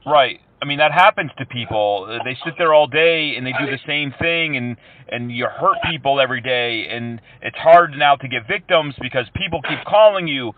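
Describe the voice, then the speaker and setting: A man calling scammers as a prank, talking calmly and mock-earnestly and throwing in broken Hindi words. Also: medium pitch, moderate pace. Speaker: prank caller and show host. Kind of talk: prank phone call to scammers. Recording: tinny phone line.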